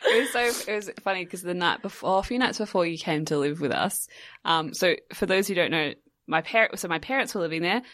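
A woman's voice: fairly low pitch, expressive, brisk, a bit bright. A young woman, hosting a casual chat in a supportive, chatty way.

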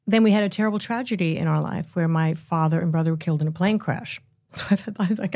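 An older woman in her seventies speaks as an interview guest, with a slightly low voice. She tells her story candidly and in a roundabout way, often laughing. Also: a little mellow. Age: 70s. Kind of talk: casual interview.

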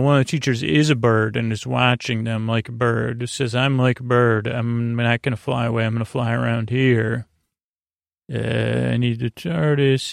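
Man, podcast host, monotone sleepy recap, gravelly, halting, dry close sound. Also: no room sound. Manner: halting, full of uhs and let's-sees; monotone, low-key delivery. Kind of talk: rambling bedtime episode recap.

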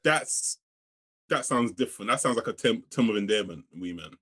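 A man co-hosting a podcast, with a mid-pitched voice that swings up and down a lot. He chats casually, speaks bluntly and swears freely. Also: lively intonation, normal speed, a bit bright, breathy edge. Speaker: podcast co-host. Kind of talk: casual chat.

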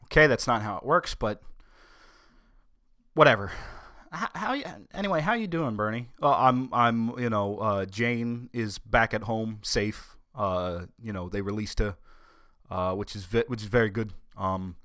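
A man's voice: on the low side, unhurried, sharp tone, no room sound, clean studio sound. A man doing an impression of an elderly male politician who rambles, stammers and trails off. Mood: rambling.

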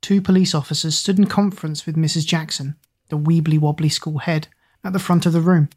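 A woman narrating an audiobook in a steady, expressive storytelling manner. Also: low-pitched, fairly quick, husky.

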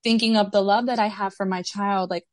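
A woman's voice: medium pitch, steady tone, brisk, no room sound. A woman speaking as a podcast guest, candid and chatty, filling her sentences with "like". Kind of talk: conversational interview.

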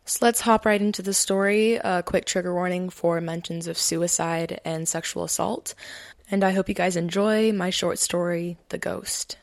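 A young woman reads her own short story aloud in a calm, steady way. Her voice sits low and stays flat in pitch, with a dry, close sound and no room echo. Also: normal speed, creaky. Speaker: podcast host and reader.

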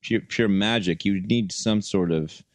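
A man's voice: on the low side, measured pace, dry recording. A man co-hosting a comedy podcast, ranting and joking in boisterous casual chat. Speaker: podcast co-host.

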